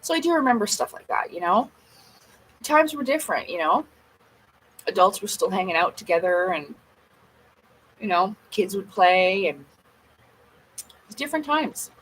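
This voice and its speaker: Chatty woman with a lively voice. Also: medium pitch, normal speed, pauses often, a little hiss or hum, rough recording. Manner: chatty, rambling, nostalgic. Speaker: livestream host. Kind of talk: casual livestream chat.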